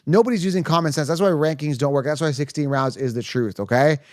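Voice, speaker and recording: A fairly high-voiced man runs a late-night livestream Q&A, tired and running on fumes. He rambles fast through viewer questions, restarting sentences and tacking on "okay?". The sound is close and dry. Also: dry recording. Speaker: fantasy football livestream host. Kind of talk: casual livestream Q&A.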